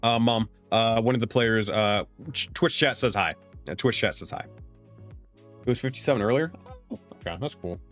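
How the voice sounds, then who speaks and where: A man's voice: on the low side, normal speed, long pauses, a bit bright, faint music behind. Rambling young man streaming a Q&A. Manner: rambling, with restarts and casual swearing. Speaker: streamer and game master. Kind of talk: casual livestream Q&A.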